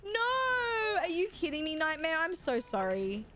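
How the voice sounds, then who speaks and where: A woman's voice: high-pitched, lively intonation, normal speed, a bit bright. A young woman, chatting casually with her chat while gaming, rambling and swearing freely. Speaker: streamer.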